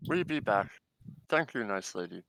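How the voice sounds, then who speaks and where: A man plays a timid kobold fighter who speaks in clipped, broken phrases and trips over his words. The voice sits a little low. It is an easygoing tabletop-game performance rather than heavy acting. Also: lively intonation, moderate pace, gravelly, fairly bright tone, slight background noise, low-quality recording. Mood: nervous. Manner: broken simple grammar, stammering. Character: small nervous male kobold fighter.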